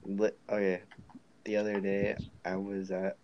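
Low-voiced teen dude, guest on a chill podcast, rambles and swears a lot. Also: male voice, completely flat delivery, unhurried, dull audio, slight background noise. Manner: rambling storyteller, swears freely. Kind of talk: casual chat.

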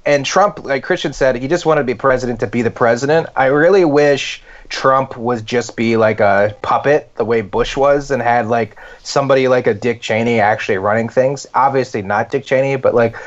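A man's voice: medium pitch, moderate pace, few pauses. A man co-hosting a comedy podcast, telling rambling stories in a loose, casual way. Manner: rambling, animated storytelling with fillers. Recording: dull lo-fi podcast audio.

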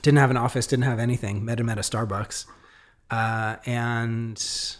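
A man's voice: medium pitch, measured pace. A man, a podcast guest, telling a story in a casual way, acting out the dialogue of the people in it. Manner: animated, acts out quoted dialogue; frequent fillers and restarts.

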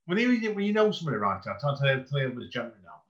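A man's voice: mid-range voice, sing-song, very fast, dull audio. A man hosting a podcast who chats enthusiastically, rambles and repeats his words. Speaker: podcast host. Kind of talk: casual interview chat.

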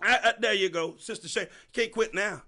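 A man preaching a sermon to a congregation, repeating phrases for emphasis and calling out to listeners by name, swinging between soft and loud. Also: sits high, moderate pace.

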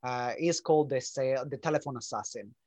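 A man's voice: mid-range voice, a little fast, darkish tone. A man hosting a podcast, speaking hesitantly with many fillers. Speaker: podcast host. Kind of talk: podcast interview.

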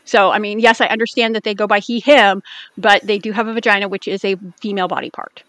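A woman from the United States co-hosting a podcast in casual chat, blunt and swearing freely, talking in quick bursts. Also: mid-range voice, flat delivery, fairly bright tone, no echo. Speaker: podcast co-host.

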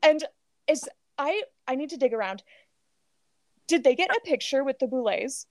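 Woman podcast co-host, high bright-sounding register, dry close sound, breathless gossipy storytelling. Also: normal speed, no room sound. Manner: animated storytelling, heavy filler "like", swears freely. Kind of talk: casual gossip chat.

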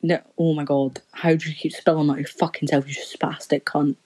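A woman's voice: sits low, flat delivery, a little fast, mellow, poor audio. A young woman rambling through a story in casual chat, swearing constantly as a podcast co-host.

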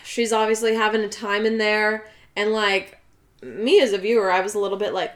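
A woman's voice: mid-range voice, a little fast, fairly bright tone. Chatty young woman, rambling recap. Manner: rambling, filler-heavy storytelling. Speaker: podcast co-host. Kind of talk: casual chat recapping a film.

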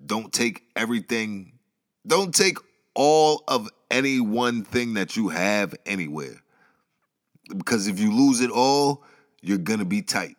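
A man with a fairly low voice tells a story in loose, slangy commentary. He rambles through asides and chuckles along the way. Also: lively intonation, unhurried. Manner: slangy, rambling, laughs at his own asides. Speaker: commentary vlogger.

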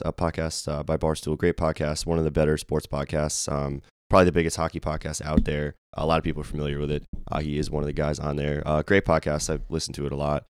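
Hoarse, fast-talking young man. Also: rumbling low, no echo, studio quality. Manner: rambling, excitable, lots of fillers. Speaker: podcast co-host. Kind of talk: casual sports podcast chat.

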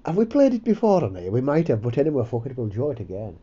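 A man's voice: mid-range voice, huge pitch swings, quick pace, warm tone, husky, highs cut off. A man hosting a comedy podcast, rambling, sweary and self-mocking. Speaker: podcast host. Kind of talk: casual comedy chat.

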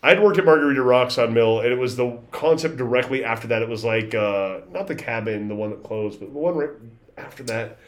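A man's voice: mid-range voice, brisk. Rambling guy telling bar stories. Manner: rambling storyteller, acts out quoted voices. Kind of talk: casual chat.

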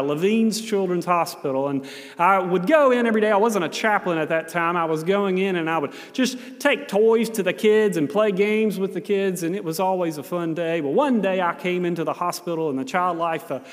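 An American man preaching a sermon, telling a self-mocking story in an animated way. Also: on the high side, in a large hall.

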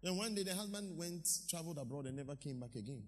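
A male pastor preaching a lively sermon, acting out quotes and pausing for his interpreter. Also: fairly high pitch, big-room sound, background noise. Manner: animated preaching, acts out quotes, pauses for interpreter. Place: church hall.

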